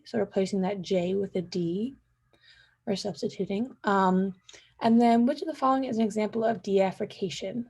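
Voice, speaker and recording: A woman's voice: mid-range voice, normal speed, a little mellow, breathy edge. Hesitant young woman giving a class talk. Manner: hesitant, many ums and likes. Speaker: student presenter. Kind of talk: class presentation.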